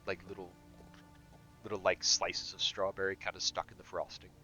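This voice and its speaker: A man's voice: deep voice, completely flat delivery, moderate pace, sharp tone. A man running a tabletop game as game master, rambling with many fillers as he describes the scene. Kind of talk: narrating and voicing a tabletop game. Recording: dull lo-fi sound with faint music.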